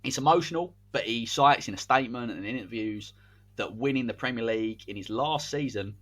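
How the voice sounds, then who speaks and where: A man co-hosting a podcast, telling a made-up sports story in animated, commentary-like casual chat. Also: medium pitch, fairly quick. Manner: animated, spins a hypothetical tale like match commentary. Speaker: podcast co-host.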